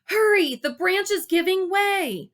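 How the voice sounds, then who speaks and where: A woman voicing Gary, a frightened, stubborn boy who yells his lines in panic. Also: high-pitched, huge pitch swings, slow, pitched above the performer's own voice, full character voice. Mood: frantic. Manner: panicky shouting.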